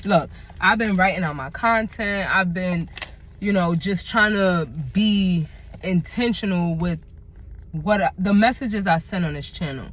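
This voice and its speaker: A woman talking candidly in a personal vlog, halting and reflective, emotional as she searches for words. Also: lowish voice, fairly bright tone, a little hiss or hum. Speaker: vlogger.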